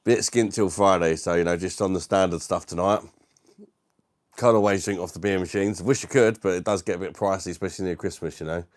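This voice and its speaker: A British man with a low, deep voice chats easily with his live-stream viewers from home. He is relaxed and quick to laugh. The sound is dry and close, with no room echo. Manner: laid-back, laughs often, says mate a lot. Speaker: livestream host. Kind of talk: casual live-stream chat reading viewer comments.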